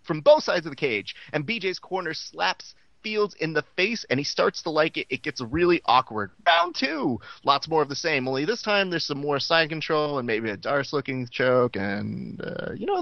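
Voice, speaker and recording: A man's voice: a little high, creaky, fairly bright tone, dry recording, dull audio. A man hosting a podcast, giving a sarcastic, profane comedic recap of a TV episode. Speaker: podcast host recapping a show.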